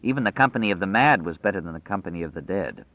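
A man narrating a story in a measured, vivid storytelling manner, over tinny phone-like audio. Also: deep voice, lively intonation, dry recording. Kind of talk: scripted narration.

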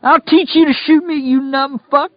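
Maimed redneck screaming way up high, furious, dull lo-fi audiobook sound. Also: male voice, fairly even intonation, normal speed, no echo. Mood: screaming rage.

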